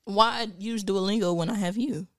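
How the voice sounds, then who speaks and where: A man's voice: high voice, fairly even intonation, moderate pace, no room sound. A man co-hosting a podcast, teasing and playful in casual chat. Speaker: podcast co-host.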